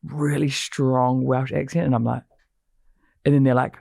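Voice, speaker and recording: A woman's voice: rumbling low, fairly even intonation, moderate pace, creaky, no echo. Female rugby podcast co-host, slangy, laughing, casual studio chat, dry close sound.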